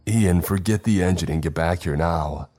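A man's voice: low-pitched, normal speed, warm tone. A man voicing a stern male ship captain issuing firm orders to his crew. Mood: commanding.

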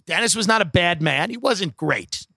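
A man's voice: sits high, expressive, normal speed, gravelly, bright, forceful tone, no echo, clean studio sound. Wry, profane man telling a stand-up story. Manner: wry, profane, rambling with asides. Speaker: comedian.

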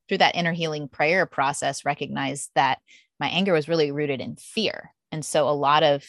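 A middle-aged woman with a slightly low voice tells lively stories in a relaxed interview. She slips into quoting her own past thoughts. The sound is dry and close to the mic. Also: moderate pace, no echo. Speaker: podcast host appearing as guest. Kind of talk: candid conversational interview.

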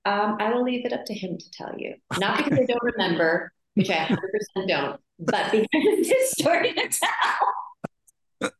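A woman actress chatting in a casual interview, telling animated stories and laughing easily. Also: mid-range voice, normal speed, echoey room, poor audio. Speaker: actress guest.

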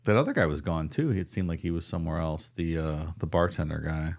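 A man's voice: extremely low pitch, fairly quick, vocal fry, a little mellow. A man co-hosting a casual podcast chat, laid-back and laughing easily. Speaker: podcast co-host.

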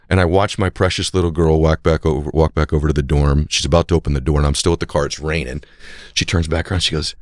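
A man telling an emotional personal story on a played clip, intense at times and dropping to soft, whispered tenderness. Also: low-pitched, expressive, quick pace, no room sound, clean studio sound. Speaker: guest speaker on a played clip.

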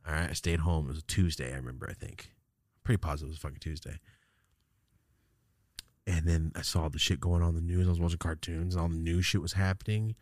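A man from California in his thirties tells a story in an animated, rambling, profane way, with a fairly low voice. The sound is dry and close, with no room behind it. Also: fast, no echo. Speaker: podcast host. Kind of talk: casual storytelling.

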